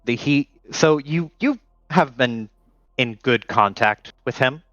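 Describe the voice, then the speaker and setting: A man's voice: medium pitch, takes it slowly, fairly bright tone, no echo, muffled recording. A man narrating as game master in a loose, filler-heavy way.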